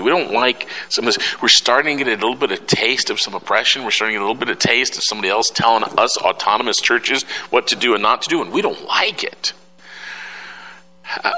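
A man's voice: fairly low pitch, pushed and bright, low-quality recording. A middle-aged man preaching an emphatic sermon as pastor, repeating key phrases for effect.

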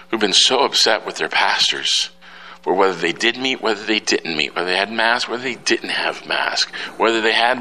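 A man's voice: fairly low pitch, sharp tone, low-quality recording. A middle-aged man preaching an emphatic sermon as pastor, repeating key phrases for effect.

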